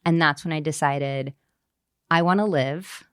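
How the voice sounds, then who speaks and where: A woman's voice: low-pitched, unhurried, clear, resonant tone, dry recording, studio quality. A woman in her thirties, an author guest on a podcast, speaking candidly and animatedly with frequent fillers. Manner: animated, acts out quoted voices, frequent fillers.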